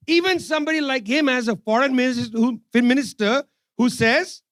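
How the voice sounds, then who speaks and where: Brief: male speaker, high voice, fiery sarcastic rally speech, dry close sound. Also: a bit bright, no echo. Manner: sarcastic, repeats phrases for emphasis. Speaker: speaker at a political forum. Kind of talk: impassioned public speech. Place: forum event hall.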